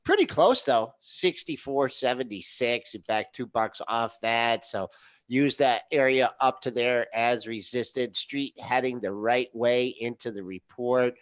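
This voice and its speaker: A man co-hosting a trading show, giving quick matter-of-fact market commentary. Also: medium pitch, a bit bright, no room sound. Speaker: co-host.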